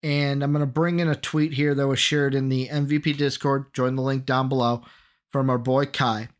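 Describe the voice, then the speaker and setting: A man co-hosting a sports podcast in casual chat, energetic, rattling off names and quizzing his co-host. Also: mid-range voice, normal speed.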